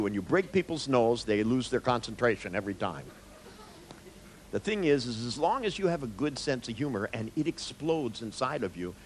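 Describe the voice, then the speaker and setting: Man, therapist at a seminar, mid-pitched voice, joking storyteller, faint background noise. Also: rough recording. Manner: joking, storytelling, blunt, with swearing. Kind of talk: live seminar talk.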